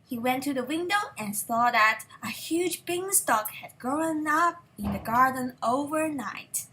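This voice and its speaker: A woman reading a children's story aloud in a clear, expressive way. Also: high voice, measured pace, slight background noise, rough recording. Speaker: reader.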